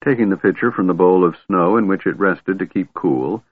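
A man reading a fantasy novel aloud in a measured, steady narration. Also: deep voice, slightly rough. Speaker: audiobook narrator. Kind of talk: scripted narration. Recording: tinny phone-like band, dry.

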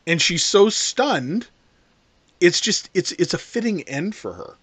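A man co-hosting a casual talk show, rambling and animated as he discusses a film. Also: high-pitched, unhurried, husky, dry recording. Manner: animated, rambling with restarts and playful impressions. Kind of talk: casual chat about a film.

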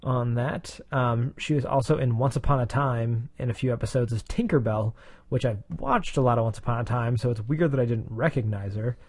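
A man's voice: mid-range voice, brisk, a little mellow, slightly rough, no echo. A man co-hosting a casual TV review podcast, talking in a rambling, hesitant way with a self-deprecating streak. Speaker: podcast co-host.

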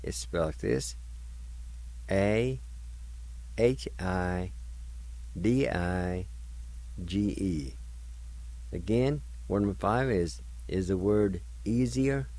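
A man teaching on the radio at a slow, unhurried pace, his voice sitting on the low side. He spells every word out one letter at a time and repeats it with patient care. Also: mellow, poor audio. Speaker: radio host teaching vocabulary. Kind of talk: slow spelled-out language lesson.

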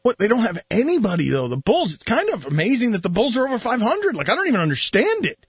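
Animated high-voiced radio host. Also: male voice, breathy edge, dry recording. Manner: animated, laughs often, quick rhetorical questions. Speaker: radio sports show host. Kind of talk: casual sports talk radio banter. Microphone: studio microphone. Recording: dull, band-limited radio studio audio.

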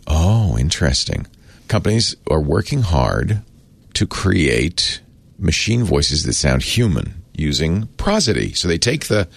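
A man with a very deep, gravelly voice talks through a casual explainer in a chatty, wry way. His pitch swings widely as he trails off and restarts. The sound is dry and close. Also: no echo. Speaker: host explaining a word of the day.

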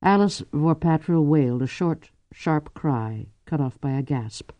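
A man narrating a novel in a measured, dramatic audiobook reading. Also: fairly high pitch, lively intonation, mellow, no echo. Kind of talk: scripted narration.

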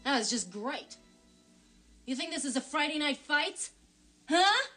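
Bitter, shrewish wife. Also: female voice, high voice, big pitch swings, a little slow, bright, forceful tone, soft background music, exaggerated voice. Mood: berating. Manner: scornful, berating. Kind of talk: film dialogue.

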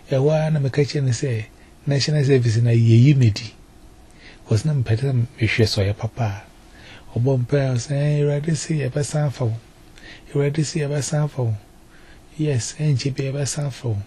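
A man tells his testimony at an easy, rambling pace. He repeats words and slips English into his speech at a mid pitch. Faint ambient noise hums behind him. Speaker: testimony giver. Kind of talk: spoken personal testimony.

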